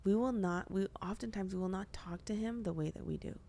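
A woman's voice: mid-range voice, fairly quick, gravelly, dark tone, a little hiss or hum. A young woman hosting a podcast, talking earnestly about faith in a chatty way, full of filler words. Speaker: podcast host. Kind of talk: casual faith discussion.

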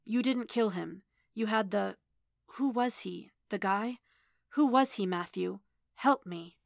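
A woman voicing an impatient, sharp-tongued female android, speaking in urgent, exasperated bursts. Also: medium pitch, takes it slowly, vocal fry, no echo, clean studio sound.

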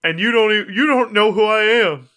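A man voicing a boastful, flirty male fighter in a tabletop game, with shrill squealing outbursts. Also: moderate pace, sharp tone, rough recording.

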